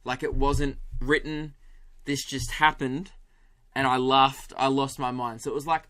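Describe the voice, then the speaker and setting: A young Australian man hosting a solo comedy podcast, animated, swearing and laughing as he tells stories. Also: medium pitch, measured pace. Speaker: podcast host.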